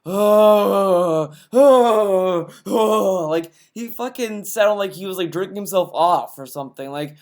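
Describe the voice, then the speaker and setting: Sarcastic male ranter, fairly high voice, swearing nonstop, exasperated reaction commentary. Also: expressive, normal speed, hardly any pauses.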